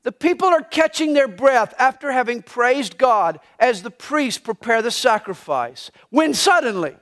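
A pastor preaching a live Sunday sermon in a church, telling the story dramatically and swinging between hushed and loud passages. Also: male voice, extremely high pitch, animated, unhurried. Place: church sanctuary during a live Sunday service.

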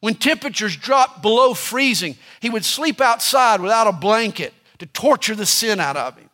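A man's voice: sits high, animated, normal speed, pushed and bright. A man preaching a sermon, emphatic and repeating scripture lines with building force.

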